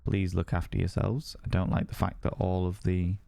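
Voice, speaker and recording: A man's voice: deep voice, flat delivery, moderate pace, vocal fry, mellow, no echo. A man chatting casually with viewers on a game stream, rambling and repeating himself.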